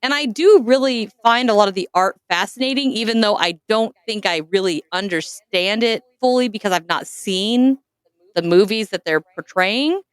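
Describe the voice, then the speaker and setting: A woman hosting a podcast, telling a self-mocking story in an animated, casual way. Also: mid-range voice, normal speed, clean tone, no echo. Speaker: podcast host.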